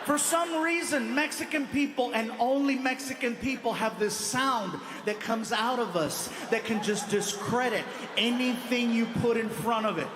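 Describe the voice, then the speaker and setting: A man doing stand-up comedy, telling stories in an animated way and laughing often. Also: extremely high pitch, moderate pace, noisy background. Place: comedy stage before a live audience.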